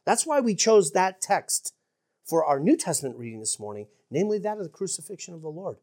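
A woman preaching a sermon in an earnest, emphatic way, dropping to hushed asides for effect. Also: fairly low pitch, very animated, a little fast.

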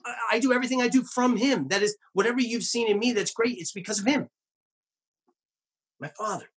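A male pastor delivers a sermon earnestly and emphatically, tossing in wry asides. His voice is husky, and he slows down and drops low on the key phrases.

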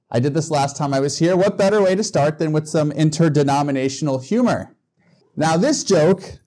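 Male guest preacher: high-ish, mellow voice, chatty sermon delivery. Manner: conversational, joking, with small restarts. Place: church.

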